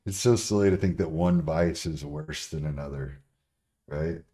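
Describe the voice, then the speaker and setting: A man's voice: rumbling low, normal speed, warm tone. A young man chatting casually on a livestream, blunt and full of profanity as he answers questions from chat. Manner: profane, blunt, laughs often.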